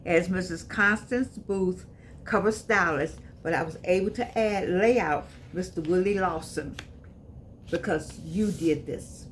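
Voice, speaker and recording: A little hiss or hum accompanies an older woman from the U.S. speaking in a lowish voice, a bit slowly. The author and channel host chats casually with viewers, her preacher-like rhythm looping back over the same phrases.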